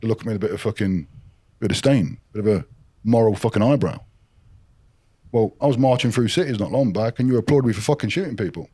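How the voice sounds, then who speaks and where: A man's voice: lowish voice, expressive, fast talker, slightly rough. A middle-aged man, a podcast guest telling blunt stories full of swearing. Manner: blunt, heavy swearing, forceful storytelling. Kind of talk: casual podcast chat.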